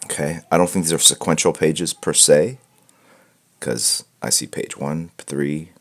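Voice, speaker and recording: His voice extremely low and a little slow, a man hosts a live art critique stream, rambling through casual chat with jokes, fillers and restarts. He wears headphones and sits in a room at home with piles of comic books.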